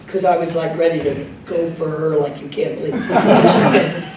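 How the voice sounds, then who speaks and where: An older woman tells animated anecdotes, laughing and mimicking the people in them. Her voice reaches an echoey room's distant mic, with a clear layer of noise underneath. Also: sits low, moderate pace. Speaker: guest actress. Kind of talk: anecdotal storytelling Q&A. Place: club room with live audience.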